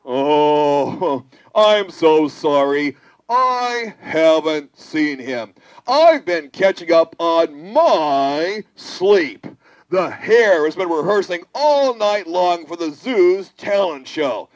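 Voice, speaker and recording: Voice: medium pitch, expressive, unhurried, few pauses, darkish tone. A puppeteer voicing a sleepy, apologetic zoo animal who keeps dozing off in a live puppet show. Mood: drowsy. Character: sleepy, apologetic zoo animal kept awake all night. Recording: noisy live room with children's crowd.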